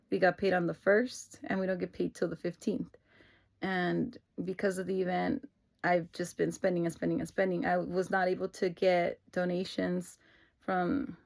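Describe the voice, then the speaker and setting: Gravelly-voiced woman telling a story. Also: lowish voice. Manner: rambling, many fillers and restarts, laughs through tears. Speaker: vlogger. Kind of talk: casual personal vlog storytelling.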